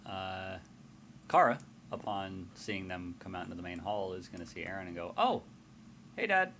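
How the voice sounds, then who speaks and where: A man's voice: low-pitched, steady tone, moderate pace, a bit bright, a little hiss or hum. A man playing in a casual tabletop game, describing his character's actions hesitantly and swearing casually. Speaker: player.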